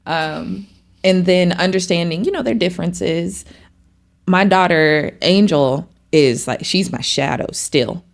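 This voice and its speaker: A woman's voice: fairly low pitch, takes it slowly, vocal fry. A middle-aged mother chatting casually on a podcast, acting out her children's lines as she tells family stories. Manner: animated storytelling, acts out her kids' lines. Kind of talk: casual chat.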